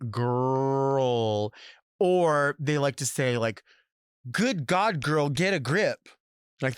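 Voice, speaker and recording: Drag queen host, solo chat; campy, sassy, drawn-out words, mid-pitched man, close dry mic. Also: dry recording. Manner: campy, drawls and stretches words for emphasis; sassy, conversational. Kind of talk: casual solo monologue.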